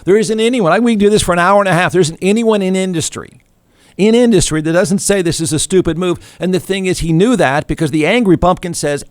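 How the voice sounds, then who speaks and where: A snarky middle-aged male talk show host delivers a sarcastic, mocking monologue, his slightly high voice leaping up when he gets worked up. The sound is close and dry, with no room in it. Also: quick pace, no room sound. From Texas. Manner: sarcastic, mocking, animated rants with sudden pitch jumps. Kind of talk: snarky political commentary monologue.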